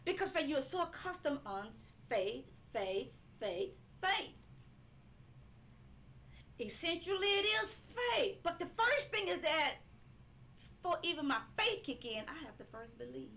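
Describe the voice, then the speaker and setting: A woman's voice: high voice, big pitch swings, a little slow, bright, forceful tone, a little hiss or hum. A woman preaching a live-streamed sermon, emphatic and repetitive, sometimes breaking into laughing cries.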